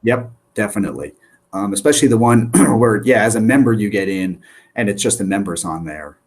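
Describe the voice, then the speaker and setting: A man as a guest author on a casual podcast, easygoing and low-key, often restarting his sentences. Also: animated, fairly quick, breathy edge.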